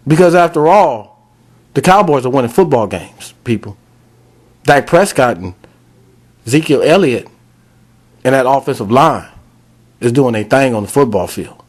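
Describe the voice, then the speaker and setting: On his sports talk podcast, a man rants and scolds fans directly, blunt, fired up, and repeating himself. His mid-range voice has a slightly mellow quality.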